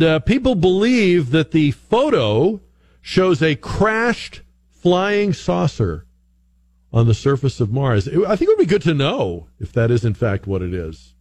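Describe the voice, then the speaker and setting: A man hosting a call-in radio talk show, chatty and animated, now and then mimicking other voices as he tells stories. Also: a little high, slight background noise. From northern United States. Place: radio studio.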